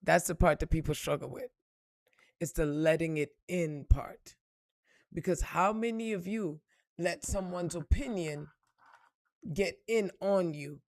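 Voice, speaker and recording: A woman's voice: on the low side, dry recording, studio quality. A woman giving a motivational spiritual talk in an emphatic, preachy way, blunt and profane, asking her listeners question after question. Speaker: spiritual reader and motivational speaker.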